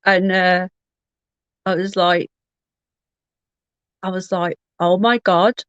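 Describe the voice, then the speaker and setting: A woman's voice: on the low side, flat delivery, slow pace, dry recording, muffled recording. A woman hosting a livestream, telling a personal story in a candid, rambling way with frequent restarts. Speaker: livestream host.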